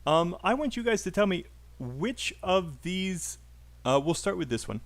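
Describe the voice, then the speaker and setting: A man's voice: high voice, big pitch swings, a little slow. A man teaching English pronunciation on a live stream, chatty and encouraging, calling out names from the chat.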